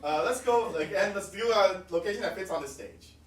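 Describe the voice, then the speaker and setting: A man's voice: high voice, animated, brisk. A man hosting a live improv comedy show, playful and explaining the game with many fillers. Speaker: improv host. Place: small theater stage. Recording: echoey stage room, mic from far off, faint noise.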